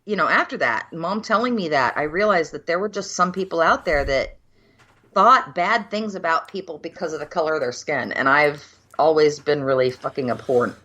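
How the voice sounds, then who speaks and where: Bright-voiced Midwestern woman in her 50s. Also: low-pitched, normal speed. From USA, Minneapolis. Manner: frank and animated storyteller, swears freely. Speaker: podcast co-host. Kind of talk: casual chat over cocktails.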